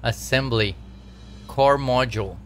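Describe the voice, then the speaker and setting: Slow-talking man streaming his game dev work. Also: medium pitch, a bit bright, a little hiss or hum. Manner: chatty, laughs at his own troubles, talks to chat. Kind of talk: casual live-stream commentary.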